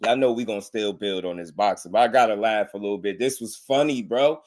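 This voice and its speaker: A man giving casual boxing commentary on a live stream, slangy and animated, laughing often. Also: lowish voice, brisk.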